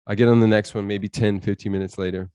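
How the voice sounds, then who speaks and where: A man's voice: on the low side, little pitch movement, quick pace, mellow, clean tone, dry recording. A man telling an intense personal story as a podcast guest, acting out his inner voice and other people as he goes.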